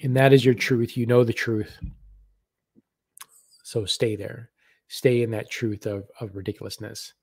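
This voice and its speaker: A man giving live spiritual readings on a stream, talking gently and haltingly and repeating words as messages come to him. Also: mid-range voice, fairly even intonation, husky, dry recording, studio quality.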